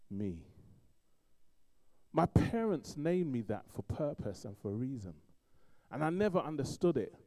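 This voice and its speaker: A middle-aged man from East London with a London accent, preaching a sermon in an animated storytelling way, swinging between loud emphasis and quiet asides. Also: mid-range voice.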